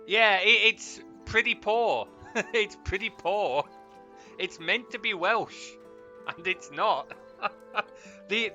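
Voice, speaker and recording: Lively bright-voiced streamer. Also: male voice, fairly high pitch. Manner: chatty, laughs often, talks to chat. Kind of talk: casual game stream commentary.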